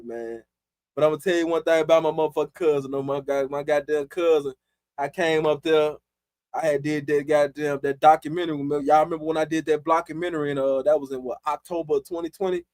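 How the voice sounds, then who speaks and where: A man's voice: fairly high pitch, steady tone, fast talker, darkish tone, no room sound, clean studio sound. A man from Chicago hosting a live stream, chatting loosely in profane street slang and laughing often. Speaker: livestream host. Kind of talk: casual live-stream chat.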